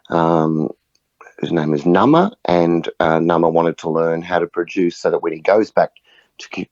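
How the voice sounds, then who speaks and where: A very low-voiced man speaks earnestly in a relaxed podcast chat. His stories run along steadily, with frequent little "right?" check-ins. The sound is dry and close but a bit dull and muffled. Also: dry recording. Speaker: guest, music facilitator. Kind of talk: conversational podcast interview.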